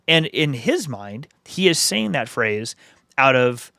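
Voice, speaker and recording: A man's voice: mid-range voice, big pitch swings, slow pace, gravelly, sharp tone, no room sound. Male podcast co-host, thoughtful and reflective, dry close recording. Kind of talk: casual review chat.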